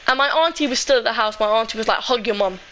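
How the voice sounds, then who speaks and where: A woman's voice: on the high side, rapid-fire, pushed and bright, slight background noise, low-quality recording. A young woman telling a personal story in a casual, emotional, rambling way, full of "like".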